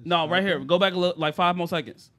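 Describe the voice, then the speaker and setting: A young man hosts a casual podcast, reading viewer comments aloud in loose slang. His voice sits a little high. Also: steady tone, fast talker, fairly bright tone. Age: young adult. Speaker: podcast host. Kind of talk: casual chat.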